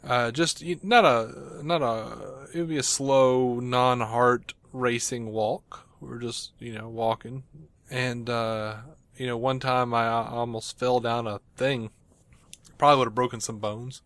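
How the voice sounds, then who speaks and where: Male podcast host, rambling anecdotal storyteller, steady mid pitch, dry close sound, laughs a lot. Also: unhurried, no echo. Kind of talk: casual chat.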